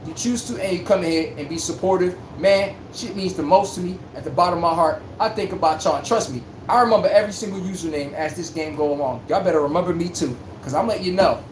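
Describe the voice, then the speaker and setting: A man's voice: high voice, fast talker, hardly any pauses. Brash joking man in an echoey room. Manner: brash, joking, slang-heavy, bursts of hype. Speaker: sports livestream host. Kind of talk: casual livestream sports talk to chat. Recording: roomy echo with faint background hum.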